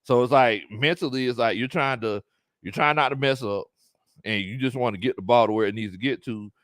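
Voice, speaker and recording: A man's voice: mid-range voice, brisk, fairly bright tone, no echo, clean studio sound. A man hosting a casual live-stream sports chat, reading viewer comments aloud and laughing often. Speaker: sports talk show host.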